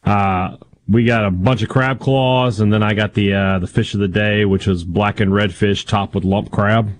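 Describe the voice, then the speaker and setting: A man co-hosting a sports radio show who tells stories about his weekend in a relaxed, playful way. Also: fairly low pitch, normal speed. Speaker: radio co-host. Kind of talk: casual sports radio banter.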